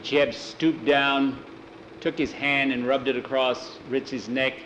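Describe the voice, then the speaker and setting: A man telling a story aloud in plain, unhurried narration, acting out the dialogue. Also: mid-range voice, flat delivery, fairly bright tone, roomy sound, slight background noise, poor audio. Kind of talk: oral storytelling.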